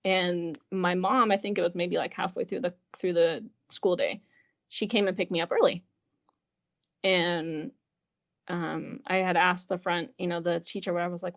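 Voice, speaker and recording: The guest's lowish, gravelly voice stays steady at a normal pace, and the recording has its highs cut off. She chats through a personal story full of fillers, acting out what people said and laughing a lot.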